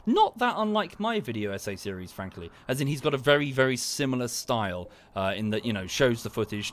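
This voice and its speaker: A man's voice: lowish voice, a little hiss or hum. Rambling man ranting on stream. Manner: rambling, heated, swears, trails off and restarts. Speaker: livestreamer. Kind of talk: casual livestream rant. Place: home streaming setup.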